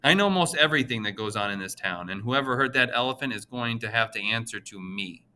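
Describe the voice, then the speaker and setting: A man's voice: mid-range voice, animated, a little fast, sharp tone, clean tone. A man doing a nasal, gossipy old pharmacist. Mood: friendly. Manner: friendly, gossipy, fussing. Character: small, chatty older male pharmacist, fond and nosy. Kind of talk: audiobook character voice.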